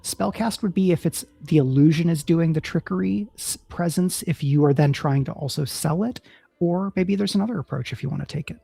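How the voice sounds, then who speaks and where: A game master narrating a tabletop role-playing battle in a measured, descriptive way, checking in with the players. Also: medium pitch, creaky, mellow, husky, no room sound. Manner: measured, descriptive, hesitant restarts.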